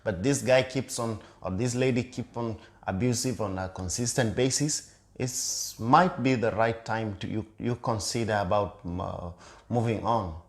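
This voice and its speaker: A man's voice: lowish voice, moderate pace. Earnest man co-hosting a couple's chat. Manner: earnest, repeats key points with many fillers. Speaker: co-host of a couple's channel. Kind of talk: casual chat.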